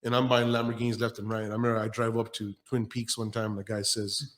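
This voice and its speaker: A man's voice: on the low side, flat delivery, fast. Podcast host, male, blunt and foul-mouthed, acts out quotes in his stories. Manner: blunt storyteller who acts out quoted people. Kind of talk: casual profane podcast talk.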